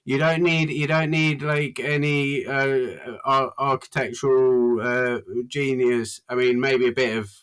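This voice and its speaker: A man talking as a podcast guest in a garden, halting and full of fillers with bursts of emphasis. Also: mid-range voice, steady tone, a bit bright, smooth. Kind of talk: casual chat. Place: garden outdoors.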